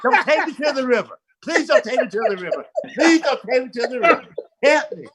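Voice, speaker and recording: A man voicing a panicked grown man who pleads hysterically in a wailing, high-pitched voice. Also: lively intonation, brisk, crowd noise.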